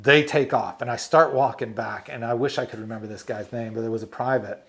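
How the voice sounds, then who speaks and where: Speaking a little fast in a gravelly, mid-range voice, a retired American army medic relates war stories in an interview. He's an animated storyteller who laughs often and acts out the quotes.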